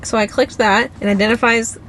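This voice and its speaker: A woman's voice: fairly high pitch, steady tone, fairly quick, fairly bright tone, slight background noise, rough recording. A woman vlogging casually outdoors at an orchard, rambling and giggling as she talks. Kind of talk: casual vlog chat.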